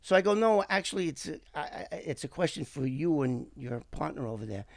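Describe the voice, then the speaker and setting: A man's voice: mid-range voice, a little fast, creaky, no room sound, clean studio sound. A middle-aged man, telling a story as an interview guest and acting out the voices of the people in it. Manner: animated, acts out quoted voices. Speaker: guest, former FBI informant. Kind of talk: casual storytelling.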